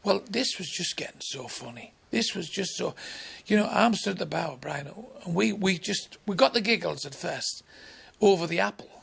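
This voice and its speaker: A man's voice: sits high, lively intonation, moderate pace, vocal fry, a bit bright, breathy edge. A man in his sixties with a Northern English accent, a comedian telling a bawdy, sweary anecdote and acting out the other people's lines. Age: 60s. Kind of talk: anecdotal storytelling.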